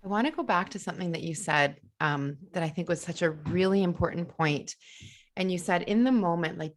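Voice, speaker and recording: A woman hosting a live podcast, talking enthusiastically and emphatically about parenting and children's stress. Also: deep voice. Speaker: podcast host.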